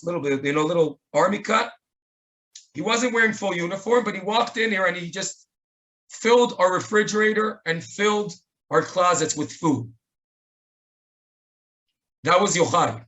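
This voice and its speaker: Through a webinar mic, an Israeli-accented man shares earnest stories at a remembrance event, quoting what people said as a way of paying tribute. He has a high, bright voice with a forceful delivery.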